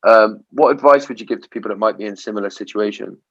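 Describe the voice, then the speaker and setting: A man's voice: lowish voice, quick pace, lo-fi sound. A man hosting an interview podcast, talking reflectively with frequent restarts and "right?" tag questions. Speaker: podcast host. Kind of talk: casual interview chat.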